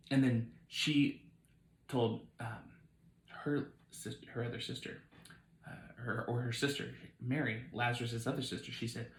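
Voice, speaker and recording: A man's voice: mid-range voice, steady tone, moderate pace, roomy sound, low-quality recording. Man telling a child a Bible story. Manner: warm, encouraging and playful with a small child. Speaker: parent hosting a home video with his child. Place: child's bed at home.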